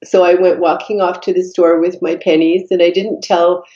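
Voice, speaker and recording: A woman, a podcast guest telling her life story in an earnest, reflective way, pausing often with fillers. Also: on the low side, level tone, mellow. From Canada. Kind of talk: personal storytelling in conversation. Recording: dull echoey room recording.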